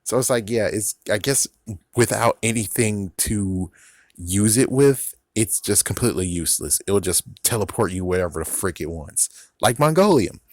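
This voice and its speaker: A low-pitched man rambles through a casual review, swearing freely and laughing at his own jokes. The sound is dry, with no room echo. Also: expressive, moderate pace. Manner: rambling, profane, laughs often. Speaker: YouTube reviewer.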